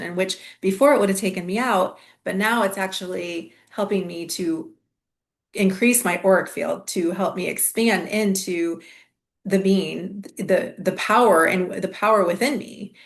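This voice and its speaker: A middle-aged woman hosts her own astrology channel in a reflective, meandering spiritual monologue. Her voice sits in a middle pitch, and she circles back through restarts and soft fillers.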